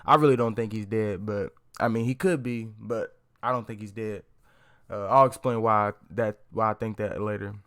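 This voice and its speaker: A man's voice: on the low side, steady tone, normal speed, a bit bright, clear, resonant tone. A young man giving a casual, profane movie review, rambling with lots of slang, fillers and restarts.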